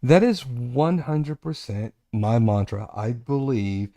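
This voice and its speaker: Man rambling through a dark-toned anecdote. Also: mid-range voice, takes it slowly, dry recording. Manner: rambling, self-correcting anecdotes with animated asides. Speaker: podcast host. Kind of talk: casual storytelling chat.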